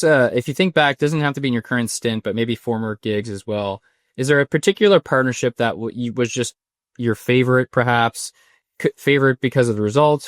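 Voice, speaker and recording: A man in his thirties hosts a conversational podcast interview, chatty and rambling, restarting his questions many times. His voice is mid-range, and the recording is dry with clean studio sound.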